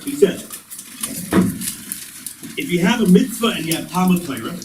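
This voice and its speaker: A man's voice: sits high, moderate pace. A male rabbi teaching a Torah class, asking questions and working through texts with Hebrew terms. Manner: animated, questioning, sprinkles Hebrew and Yiddish-accented terms. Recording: roomy, distant, noisy class recording.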